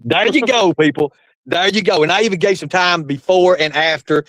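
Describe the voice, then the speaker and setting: A fairly high-voiced man hosts a livestream with loud showman energy and plenty of cursing. His voice comes across close and dry, with little room sound around it. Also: normal speed, dry recording, rough recording. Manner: hyped showman, swears freely. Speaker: livestream host. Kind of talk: casual livestream chat.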